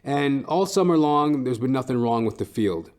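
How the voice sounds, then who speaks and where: A young man with a mellow, rounded voice rambles through a comic rant on his own podcast. He swears constantly and trips over fillers and restarts, sitting at a middling pitch. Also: expressive, normal speed. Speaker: podcast host and stand-up comedian. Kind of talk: casual profane comedic rant.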